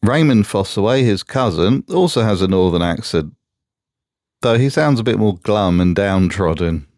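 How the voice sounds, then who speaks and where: A man from Britain delivers scripted commentary with a sardonic, mocking edge. His voice is lowish and recorded close and dry, with no room sound at all. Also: expressive, moderate pace, a little mellow, no room sound. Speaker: YouTube commentator.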